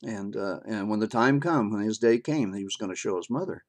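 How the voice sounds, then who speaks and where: In a homespun video monologue, an older vlogger with a low voice shares his opinion. His delivery is halting: he stalls on filler words, restarts sentences, and chuckles from time to time.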